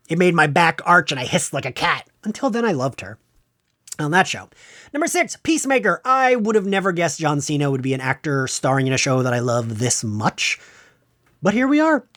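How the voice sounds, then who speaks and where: A man hosting a podcast, counting down his favorite shows of the year in a casual, gushing, enthusiastic way. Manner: gushing, enthusiastic fan talk with excited jumps in pitch. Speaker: podcast host. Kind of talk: casual pop-culture countdown monologue.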